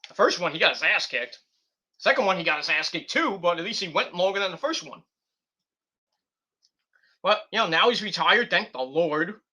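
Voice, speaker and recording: A man's voice: high-pitched, expressive, normal speed, pauses often, pushed and bright. A man hosting a wrestling talk show, rambling in a casual and profane way, often restarting his sentences and filling gaps with ums. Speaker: wrestling podcast host.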